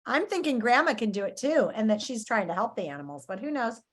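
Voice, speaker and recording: A woman reading a children's book aloud in an expressive, animated storytelling manner. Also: on the high side, quick pace. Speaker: story reader.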